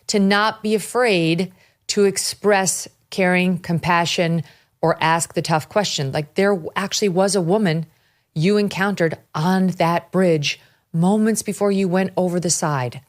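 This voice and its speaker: A woman's voice: fairly low pitch, measured pace. A woman hosting an interview, thinking aloud and restarting phrases as she builds her questions. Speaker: host. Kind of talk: conversational interview.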